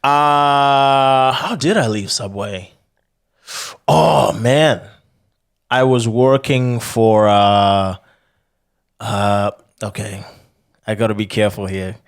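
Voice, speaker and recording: A man in his twenties co-hosting a podcast, chatting casually and telling animated, sweary stories full of mimicked voices. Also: lowish voice, slow, pauses often, clean tone. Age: 20s. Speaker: podcast co-host. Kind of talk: casual chat.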